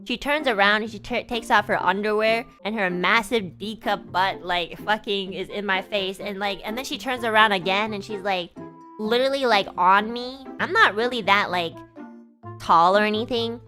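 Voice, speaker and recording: A woman VTuber telling a story casually on stream, animated, swearing freely and laughing often. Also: mid-range voice, normal speed, faint music behind.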